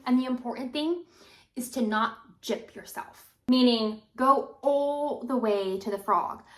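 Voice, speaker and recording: A woman's voice: fairly high pitch, a little slow, a bit bright, faint music behind. A young adult woman teaching violin in a casual, encouraging way. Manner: casual, encouraging, demonstrates while talking. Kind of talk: instructional video talk. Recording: roomy echo.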